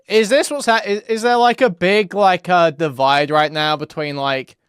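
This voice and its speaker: A man's voice: high-pitched, steady tone, normal speed, clear, resonant tone, dry recording, studio quality. A man hosting a live-stream commentary, sarcastic and rambling with lots of fillers.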